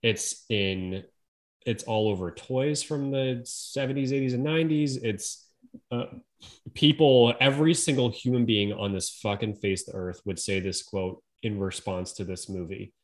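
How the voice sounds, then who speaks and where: Lower-voiced man stammering through casual chat. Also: moderate pace. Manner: stammering restarts, profane emphasis. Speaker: podcast co-host.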